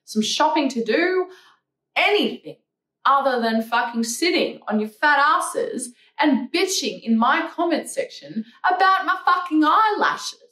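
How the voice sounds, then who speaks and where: A woman's voice: sits high, sing-song, measured pace, sharp tone. A young woman vlogger ranting back at comments in a sarcastic, profane, mocking way. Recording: echoey room, mic at a distance.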